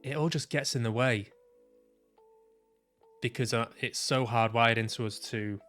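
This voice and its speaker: A man of middle pitch talks through his own experience in a reflective, unhurried vlog. He often restarts his sentences and swears casually as he gathers his thoughts. Soft music plays faintly behind him. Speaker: vlogger sharing personal experience. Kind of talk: reflective personal vlog monologue.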